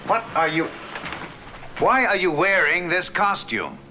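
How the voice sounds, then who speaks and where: An actor playing a brusque air base major who fires blunt questions, heard on muffled old TV audio. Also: male voice, high voice, very animated, unhurried, noisy background. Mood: suspicious.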